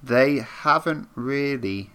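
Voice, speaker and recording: A man's voice: medium pitch, slow pace, sharp tone. A man co-hosting a podcast, explaining things in a rambling, hedging way. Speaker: podcast co-host. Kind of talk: casual chat.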